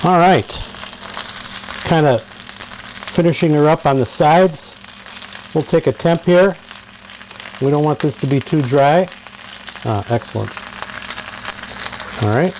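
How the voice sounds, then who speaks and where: A man's voice: fairly high pitch, slow pace, long pauses, a little mellow, a little hiss or hum, low-quality recording. A man walking through a fish recipe in a casual cooking demonstration, talking through each step. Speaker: fishing captain cooking fish.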